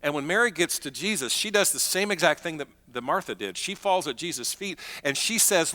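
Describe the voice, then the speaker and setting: A man preaching a sermon as pastor, emphatic, swinging between loud declarations and hushed, slow moments. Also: fairly high pitch, expressive.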